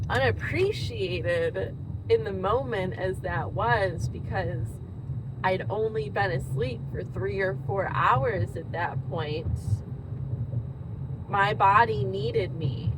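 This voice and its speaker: A woman speaking in an earnest, thoughtful way, reflecting slowly and pausing often in a personal monologue. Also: medium pitch, background noise. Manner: slow, earnest, thoughtful, with frequent pauses. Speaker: host.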